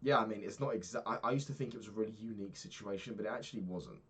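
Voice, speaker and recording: A man's voice: lowish voice, rapid-fire, breathy edge. A young man talking through his day in a candid, rambling diary vlog, swearing freely. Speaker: vlogger.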